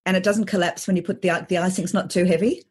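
A woman's voice: lowish voice, fairly even intonation, fast talker, a little mellow, slightly rough. A woman hosting an interview, asking thoughtful questions that build up through lists of examples. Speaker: podcast host.

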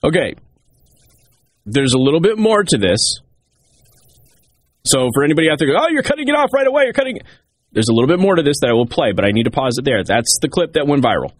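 A talk show host delivering political commentary in an emphatic way, hammering key points by repeating them. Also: male voice, mid-range voice, very animated, brisk, pauses often, no echo.

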